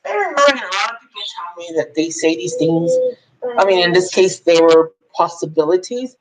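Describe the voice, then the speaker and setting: A woman's voice: lowish voice, big pitch swings, normal speed, rough recording. A woman vlogger telling a personal story in a candid, rambling way, full of fillers and restarts.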